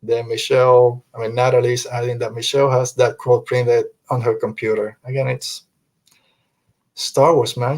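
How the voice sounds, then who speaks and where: A man's voice: medium pitch, flat delivery, moderate pace, a little mellow. A man hosting a fan podcast, talking earnestly and emphatically, quoting film lines and repeating himself to drive a point home. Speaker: podcast host.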